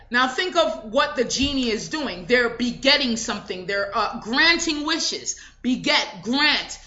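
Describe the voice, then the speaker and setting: A woman delivers an emphatic motivational speech in a bright, high voice that swings widely in pitch. She repeats affirmations at a slow, deliberate pace. The recording sounds dull and lo-fi. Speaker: motivational speaker.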